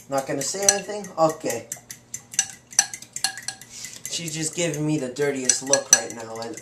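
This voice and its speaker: A young man with a slightly high voice, talking at normal speed, clowns through a home cooking demonstration in a playful, boastful, chatty way, as if hosting a comic cooking show. The recording is very noisy, set in a roomy home kitchen with faint clatter of dishes, cutlery and pans.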